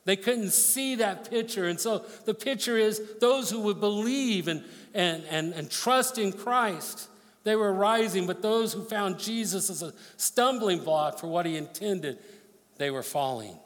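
A man's voice: sits high, unhurried, big-room sound. A man preaching a sermon, reading scripture aloud and explaining it with emphasis. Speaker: pastor.

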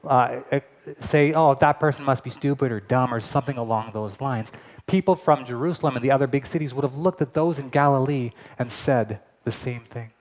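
A man pastor giving a lively, conversational sermon to a streamed church service, with casual asides. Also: medium pitch.

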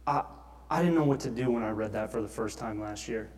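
A man's voice: fairly low pitch, fairly quick, darkish tone. A pastor preaching a sermon, reading scripture aloud and growing impassioned as he confesses his own failings. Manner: earnest, grows impassioned, reads scripture aloud.

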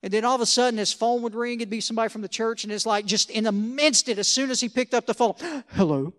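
A man's voice: very high-pitched, steady tone, fast, a bit bright. A man preaching a sermon as pastor, conversational, with joking asides and rhetorical questions.

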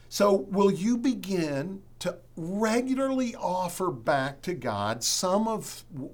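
A male pastor preaches to his congregation earnestly and emphatically, using dramatic pauses before leading them in prayer. His voice is somewhat high and a little mellow.

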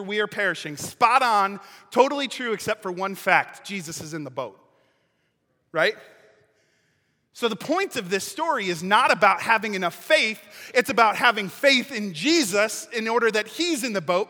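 A male pastor preaches with a high, bright, forceful voice and animated storytelling. His words ring out with long reverb, as in a large church sanctuary. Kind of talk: sermon.

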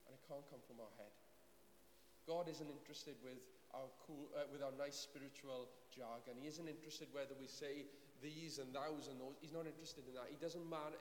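A man's voice: on the high side, a little mellow. A man preaching a sermon in a church, earnest and pleading, repeating phrases for emphasis. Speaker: pastor. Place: church hall. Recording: echoey hall with faint hiss.

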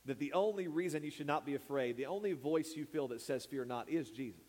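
Preacher in an echoing church. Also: male voice, on the high side, lively intonation, a little fast, darkish tone. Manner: preaching with calls to the congregation. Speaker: pastor. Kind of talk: sermon. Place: church sanctuary. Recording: long hall reverb.

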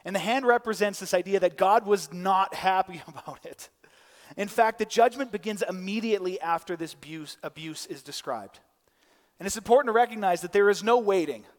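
A man's voice: sits high, fairly quick, big-room sound. A man preaching a conversational sermon, often restarting and adding side notes. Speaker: pastor. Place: church.

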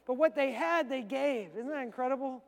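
High-voiced male pastor preaching. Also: creaky, big-room sound. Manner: conversational preaching, acts out quick asides. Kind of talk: sermon.

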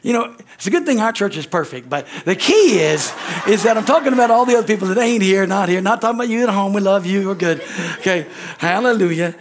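Guy preaching sunday church sermon, slightly higher voice, goes loud then drops quiet. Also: lively intonation, fast talker, hardly any pauses. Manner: call-and-response preaching with frequent amens and hallelujahs; swings between loud exclamations and quiet asides. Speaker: pastor. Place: church sanctuary.

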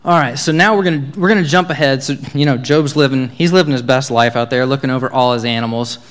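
A man's voice: medium pitch, fast. A young man, giving a casual, joking Bible talk as a youth speaker. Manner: casual, joking, upbeat storytelling.

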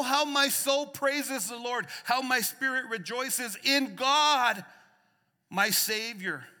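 High bright-voiced preacher in a hall. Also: male voice. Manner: swings between soft hushed lines and raised emphatic ones; repeats phrases for emphasis. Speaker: pastor. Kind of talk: sermon. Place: church sanctuary. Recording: long reverb of a church hall.

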